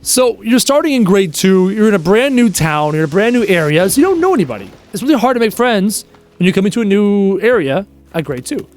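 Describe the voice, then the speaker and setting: A young Canadian man streams a game, chatting with viewers in a rambling, joking way and bursting into quoted bits. His voice sits high with a darkish tone, very animated and fairly quick.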